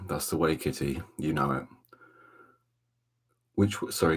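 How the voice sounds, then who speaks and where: A man with a Welsh accent hosting a relaxed ASMR livestream from a dark room at home, chatting softly and greeting viewers by name. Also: a bass voice, a little slow, breathy edge. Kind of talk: soft-spoken ASMR chat.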